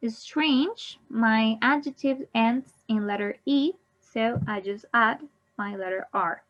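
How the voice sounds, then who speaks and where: Woman english teacher, very slow and deliberate, bit high voice, dull lo-fi sound. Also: a bit bright. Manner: repeats each word, then gives the Spanish. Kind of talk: slow bilingual grammar lesson.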